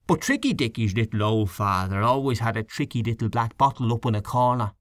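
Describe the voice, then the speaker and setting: A scornful, complaining male canvasser in a spoken storybook, as a man reads him. His pitch swings widely as he gossips and grumbles, and the recording is dry and close. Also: lively intonation, fairly quick, no echo, lightly acted.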